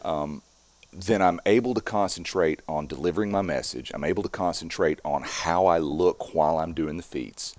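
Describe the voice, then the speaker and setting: A man in his late forties, a strongman performer, explaining calmly and at length in a podcast interview. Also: a bass voice, no room sound. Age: 40s. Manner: calm, measured, explanatory.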